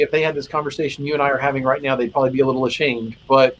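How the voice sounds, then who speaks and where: A man's voice: mid-range voice, fairly even intonation, fast, slight background noise, poor audio. Earnest man telling emotional stories. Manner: earnest, emotional storytelling with many restarts. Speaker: guest chaplain. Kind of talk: casual podcast conversation.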